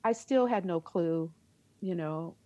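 Animated middle-aged woman telling a story. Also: lowish voice, slow, no room sound. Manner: animated, laughs often and acts out her own reactions. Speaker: guest, theater teacher. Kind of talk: conversational storytelling in an interview.

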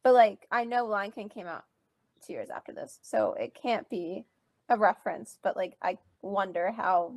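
Woman podcast co-host, raised pitch, gravelly, dry sound. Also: expressive, normal speed, darkish tone, no room sound. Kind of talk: casual chat.

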